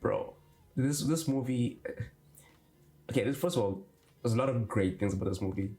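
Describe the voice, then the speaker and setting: A man co-hosting a podcast in casual chat, dry and teasing, with a steady delivery. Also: mid-range voice, moderate pace. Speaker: podcast co-host.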